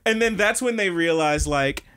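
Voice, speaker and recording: A young man co-hosting a casual anime podcast, excitedly retelling scenes with laughter and swearing. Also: high-pitched, moderate pace, clean tone, no echo, studio quality. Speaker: podcast co-host.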